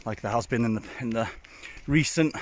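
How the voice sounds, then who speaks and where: A man's voice: mid-range voice, brisk. Welsh guy talking to his phone on a hike, out of breath, lots of wind behind. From Wales. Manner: chatty, self-mocking, keeps calling viewers folks. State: out of breath from climbing. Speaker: hiking vlogger. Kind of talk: casual vlog narration while hiking. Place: outdoors on a hillside trail. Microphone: handheld phone. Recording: outdoor wind and ambient noise.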